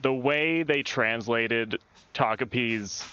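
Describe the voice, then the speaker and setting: A man's voice: medium pitch, slow pace, pushed and bright, a little hiss or hum. A man co-hosting a podcast in casual chat, making dry, wry remarks. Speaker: podcast co-host. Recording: dull lo-fi mic.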